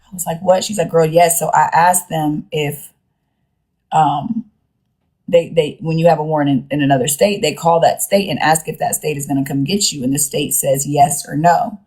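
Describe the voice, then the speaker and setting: A young woman with a low voice chats into her phone on a live stream. She rambles through a story, slangy and loose, slipping into the voices of the people she quotes. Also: fairly even intonation, moderate pace, a little mellow, breathy edge.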